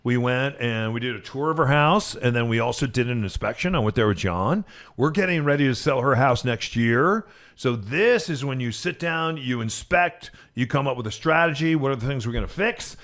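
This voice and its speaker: A man's voice: medium pitch, lively intonation, normal speed, a bit bright. Male co-host, easygoing studio chat, rambles and backtracks. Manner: rambling, stops and restarts often. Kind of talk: casual talk radio chat.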